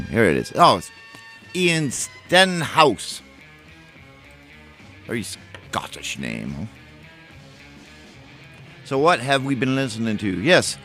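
A man's voice: fairly low pitch, fairly bright tone. A man hosting a college radio show, chatting casually and rambling between songs, correcting himself and humming filler beats. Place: radio studio.

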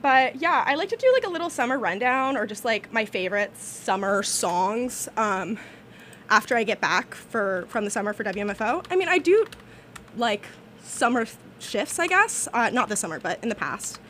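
A young woman hosting a college radio show in casual, rambling chat, slightly out of breath and a little shrill, talking into a studio microphone. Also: animated, normal speed, fairly bright tone, a little hiss or hum. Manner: rambling, filler-heavy, self-deprecating.

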